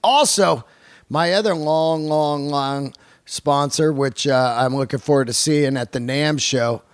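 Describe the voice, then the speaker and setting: A man hosts his own podcast in a fairly high voice and talks loosely, swearing freely as he rambles through sponsor reads and chat. The close mic gives a dry sound with no room in it. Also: measured pace, clean tone, no echo. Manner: profane, rambling, enthusiastic. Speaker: podcast host and comedian. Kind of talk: casual podcast talk and ad reads.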